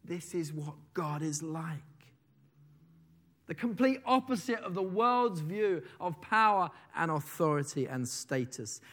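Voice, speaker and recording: A man preaching a sermon, swinging between loud declarations and soft, slowed phrases, and reading a testimony aloud with feeling. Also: fairly high pitch, animated.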